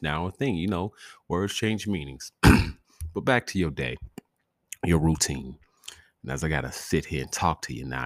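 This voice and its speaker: A young man hosting a podcast from his bedroom at night, talking low and quiet so as not to wake anyone, rambling with lots of swearing and jokes. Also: gravelly, no echo. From northwestern and midwestern United States. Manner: hushed, trying to stay quiet, profane and joking. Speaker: podcast host. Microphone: desk microphone.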